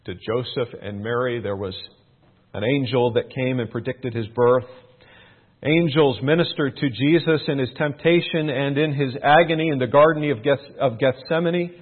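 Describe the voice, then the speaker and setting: A man preaching a sermon in a measured way, repeating key phrases for emphasis. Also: mid-range voice. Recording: phone-like narrow band.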